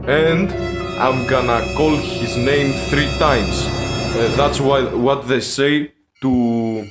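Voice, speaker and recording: A young man filming a horror challenge vlog, frightened and swearing, breaking into shouts. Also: mid-range voice, slow pace, over loud music. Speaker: vlogger. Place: house at night.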